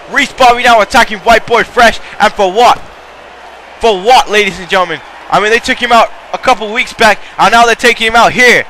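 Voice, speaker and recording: Give me an excitable male wrestling commentator with a high, sharp voice who shouts at every big move. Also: a little fast, slight background noise. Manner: rambling asides to the audience. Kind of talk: play-by-play commentary.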